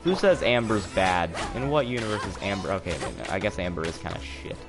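A man live-streaming a video game, rambling sarcastically and bursting out excitedly during fights. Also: lowish voice, a little fast. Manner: sarcastic, self-mocking rambling with excited outbursts. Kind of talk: live gameplay commentary. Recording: game music playing under voice. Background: game music.

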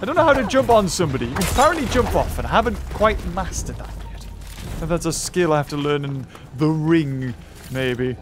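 A man giving excitable let's-play commentary, chatting to enemies with yelps and laughs. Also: on the high side, fairly quick, background noise. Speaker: gameplay commentator. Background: game music.

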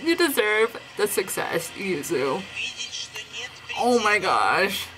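A woman reacting live to a broadcast, excitable and emotional, gasping and sighing often and sounding close to tears. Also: mid-range voice, takes it slowly, over music, rough recording. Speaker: reaction vlogger.

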